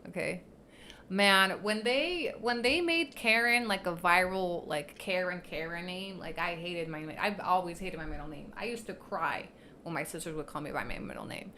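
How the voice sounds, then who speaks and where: A woman's voice: on the low side, a bit bright, a little hiss or hum. A woman livestreaming in casual chat, blunt and profane, teasing and laughing often, slipping into Spanish phrases.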